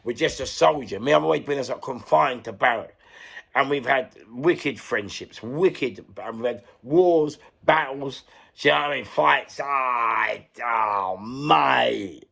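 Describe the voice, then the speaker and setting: A man's voice: mid-range voice, moderate pace, vocal fry, a bit bright, breathy edge. A middle-aged man with a London accent, an interview guest who tells his story in a rambling, candid way, repeating himself, searching for words and swearing freely. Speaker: interview guest, former prisoner.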